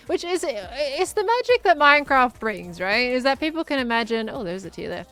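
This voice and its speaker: A woman's voice: a little high, a bit bright. A woman chatting casually and giggling as she thinks aloud while playing a game. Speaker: gaming streamer.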